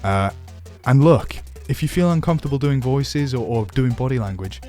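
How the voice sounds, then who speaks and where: A man's voice: mid-range voice, moderate pace. Chatty man with faint music. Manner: self-deprecating, animated, chatty. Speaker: dungeon master teaching voice acting. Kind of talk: casual tutorial.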